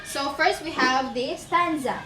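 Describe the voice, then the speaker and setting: A woman's voice: high-pitched, measured pace, far from the mic. A woman teacher, explaining a poem step by step to a class and counting aloud, in a teaching demonstration. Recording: echoey room, voice off-mic, faint noise.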